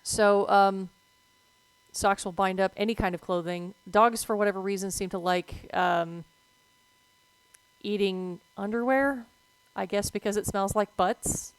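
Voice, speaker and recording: Woman streamer chatting about vet stuff while she plays, goes from chill to yelping, dry close sound, middle pitch. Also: unhurried, smooth, dry recording, low-quality recording. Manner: chatty, jumps between calm talk and excited yelps at the game. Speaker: streamer talking veterinary topics. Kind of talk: casual gameplay commentary.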